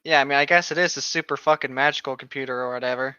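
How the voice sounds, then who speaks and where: A young man co-hosting a casual podcast chat, sarcastic and quick with profane jokes, on a dull lo-fi mic. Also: mid-range voice, fairly even intonation, bright, forceful tone, clear, resonant tone, no echo. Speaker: podcast co-host.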